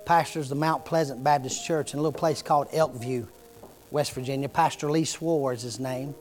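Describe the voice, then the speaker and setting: A middle-aged man delivers an impassioned sermon, his voice sitting a little high. He tells the story with growing fervor, and soft music plays faintly behind him. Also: normal speed. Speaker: preacher.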